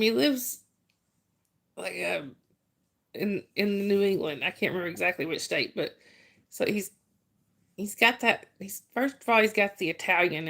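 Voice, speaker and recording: A woman's voice: mid-range voice, a bit bright. A woman chats casually on her livestream, talking easily to her viewers. She calls out their names, teases a little and laughs often. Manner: chatty, laughs often, greets viewers by name. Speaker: livestream host.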